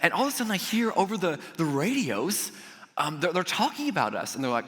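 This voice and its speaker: Bright-voiced male pastor in a reverberant hall. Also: a little high, quick pace. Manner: animated, acts out quoted voices, jokey asides. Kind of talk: sermon with personal storytelling. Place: church auditorium.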